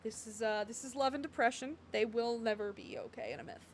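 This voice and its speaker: A woman's voice: on the high side, brisk, a little hiss or hum. A young woman streaming a game, chatting and reading lines aloud, laughing and snorting often. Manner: giggly, bursts into laughter and snorts.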